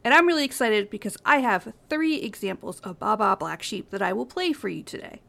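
A woman's voice: medium pitch, expressive, a little fast, creaky, fairly bright tone. A young woman hosting an educational podcast, reading her prepared script in an earnest, upbeat way. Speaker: podcast host.

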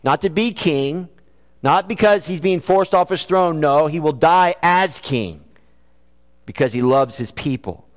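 A man preaching a sermon in a church, earnest and animated, mixing scripture references with joking asides. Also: on the high side, unhurried. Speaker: pastor. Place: church sanctuary. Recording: long hall reverb.

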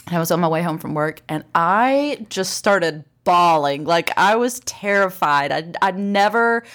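A woman's voice: on the low side, lively intonation, a little slow, fairly bright tone. A woman in her forties from Arkansas, telling stories in a casual chat and laughing often. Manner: chatty storyteller, laughs often.

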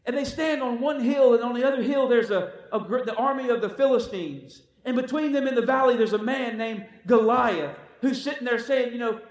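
A man preaching a sermon, exhorting his listeners with repeated calls of "come on" and acting out the quotes he tells. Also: very high voice. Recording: echoey room from far off.

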